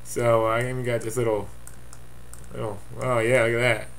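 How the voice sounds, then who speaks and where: A man talks offhand into a computer webcam at home, running his fantasy league's weekly update in a rambling, jokey way. His voice sits at an ordinary middle pitch, with a faint hiss of noise under it. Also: little pitch movement, normal speed, fairly bright tone. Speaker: fantasy football league commissioner.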